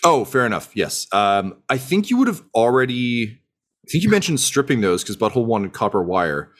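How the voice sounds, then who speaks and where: A man's voice: mid-range voice, sing-song, normal speed. A man narrating a tabletop game as game master, loose and rambling with lots of fillers.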